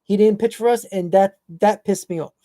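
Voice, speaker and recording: Male live-stream host, mellow tone, opinionated and blunt, casual chat delivery. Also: sits high, normal speed, no room sound. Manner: blunt, opinionated, answers chat viewers by name.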